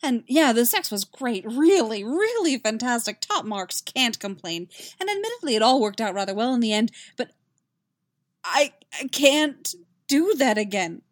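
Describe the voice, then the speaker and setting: A woman's voice: medium pitch, lively intonation, moderate pace, a little mellow, dry recording, studio quality, natural voice. A woman voicing an emotional young male bard who pleads and gushes, breathless and emphatic. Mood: pleading.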